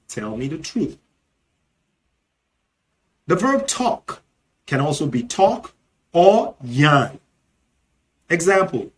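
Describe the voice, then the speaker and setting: A man with a Nigerian accent teaching a language lesson, saying each example slowly and repeating words clearly. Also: a little high, big pitch swings. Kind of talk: slow, deliberate language lesson.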